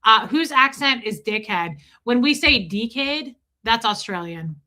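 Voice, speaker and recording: A woman's voice: on the high side, expressive, unhurried, pushed and bright. A woman hosting a livestream, chatting casually and effusively thanking her viewers. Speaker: livestream host.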